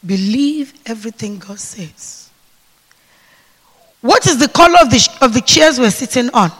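A male preacher with a very high, bright, ringing voice delivers a sermon at a slow, deliberate pace. He calls on the congregation for responses and swings from hushed whispers to shouts. His voice trails off into the long reverb of a large church hall. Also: lively intonation, slightly rough.

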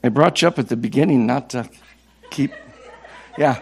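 A man in his sixties from Minnesota, an evangelist preaching a passionate sermon, repeating words and building to loud cries. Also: mid-range voice, normal speed.

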